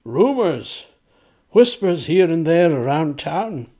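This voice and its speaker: A man's voice: a little high, big pitch swings, slow, mellow, exaggerated voice. A man reading aloud, voicing a frank, wry older clergyman of the 1700s who speaks in a knowing, confiding way.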